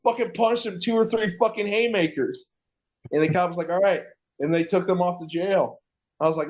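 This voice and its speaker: Man telling a profane, animated story. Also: high voice, brisk, highs cut off. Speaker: podcast co-host. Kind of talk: casual storytelling chat.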